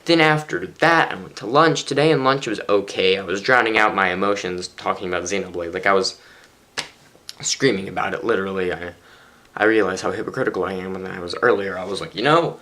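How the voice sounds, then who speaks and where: A man's voice: low voice, fairly quick, bright, forceful tone. A tired teenage boy rambling chattily through a casual daily vlog from his bedroom, poking fun at himself. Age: teens. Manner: rambling, chatty, self-mocking. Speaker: vlogger.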